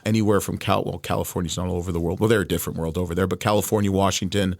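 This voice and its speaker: A man's voice: low voice, steady tone, rapid-fire, gravelly, no room sound. Chatty middle-aged man with a Canadian accent. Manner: chatty storyteller, frequent restarts and asides. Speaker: guest, wine distributor. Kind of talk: casual interview chat.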